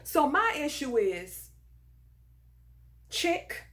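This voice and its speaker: A woman telling a personal story in a casual, animated and emphatic way, full of sass. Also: fairly high pitch, moderate pace. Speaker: storyteller vlogger.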